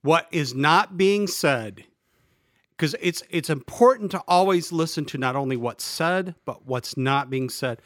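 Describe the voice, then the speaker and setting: High-voiced podcast man chiming in. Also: animated, unhurried, a bit bright, no room sound, studio quality. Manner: terse, chiming in with short agreements. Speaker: podcast co-host. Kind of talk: casual sports podcast talk.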